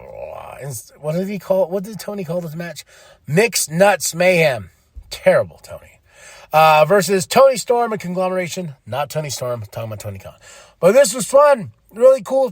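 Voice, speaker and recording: An excitable man hosting a podcast, rambling and swearing as he recaps. His voice sits a little high and sounds dry and close to the mic. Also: no room sound. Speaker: podcast host. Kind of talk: casual recap chat.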